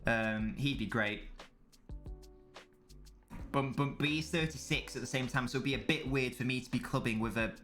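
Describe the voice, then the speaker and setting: A man's voice: mid-range voice, normal speed, pauses often, sharp tone, soft background music. A young man, casually chatting on a live stream about football, full of banter and swearing. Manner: banter-filled, swearing, answering chat. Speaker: streamer watching a football match.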